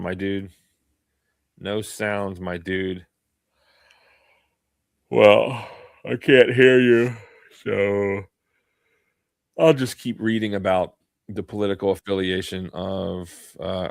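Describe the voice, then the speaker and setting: A man's voice: on the low side, steady tone, takes it slowly, gravelly, long pauses, dry recording, clean studio sound. A man hosting a live online talk stream, reading aloud with mock-serious sarcasm. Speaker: host.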